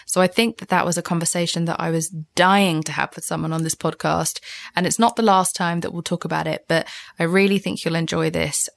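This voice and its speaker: A woman's voice: fairly low pitch, gravelly, no room sound. A woman hosting a podcast, chatting casually, blunt and jokey, swearing freely. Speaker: podcast host.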